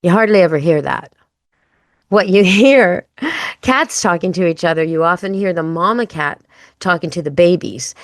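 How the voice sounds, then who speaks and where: A woman's voice: on the low side, moderate pace, no echo, studio quality. A woman hosting a pet radio show, chatting casually and playfully. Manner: chatty, playful, imitates animal sounds. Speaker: podcast host.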